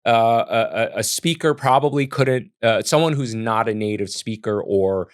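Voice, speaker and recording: A man's voice: mid-range voice, moderate pace, clear, resonant tone. An American man in his forties, a chef giving casual, earnest reaction commentary with frequent restarts. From United States.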